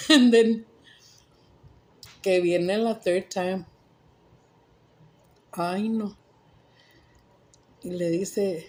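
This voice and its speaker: A woman vlogger casually telling a joke in a rambling, animated way and correcting herself as she goes. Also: medium pitch, extremely slow, long pauses, a little hiss or hum. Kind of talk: casual storytelling.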